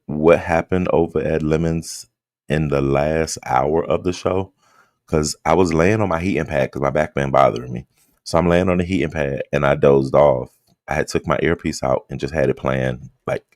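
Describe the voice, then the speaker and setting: A man hosting a casual late-night livestream, greeting his chat by name in a relaxed, just-woke-up drawl. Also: very deep voice, no room sound, studio quality. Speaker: livestream host.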